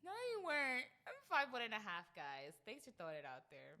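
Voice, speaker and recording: A woman's voice: mid-range voice, huge pitch swings, fairly quick, a crowd in the background. A young woman hosting a podcast in a casual, playful, chatty way. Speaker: podcast host. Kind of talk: casual chat.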